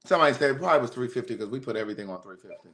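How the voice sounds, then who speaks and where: A man hosting a podcast, chatting casually with blunt, animated talk and free swearing. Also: mid-range voice, very fast, slight background noise. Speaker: podcast host. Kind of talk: casual chat.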